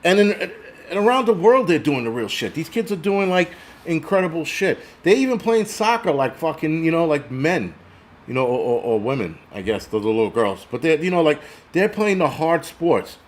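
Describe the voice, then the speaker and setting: A man's voice: on the high side, sing-song, normal speed. A man in his forties hosting a casual livestream, ranting bluntly and profanely and reading out viewer comments. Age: 40s. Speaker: host.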